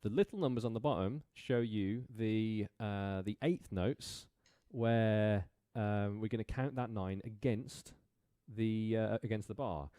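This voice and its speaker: A man's voice: fairly low pitch, a little slow, few pauses, dark tone, dry recording, studio quality. A man with an English accent teaching a drum lesson, counting beats aloud and explaining casually with fillers. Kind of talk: live-streamed drum lesson. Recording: drum kit playing in the background.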